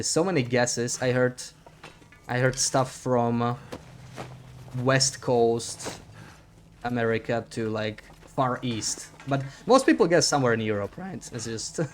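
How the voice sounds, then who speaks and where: A young man chatting casually on a live stream while he plays, reading chat aloud and joking about himself. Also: mid-range voice. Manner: chatty, reads chat aloud, self-deprecating laughs.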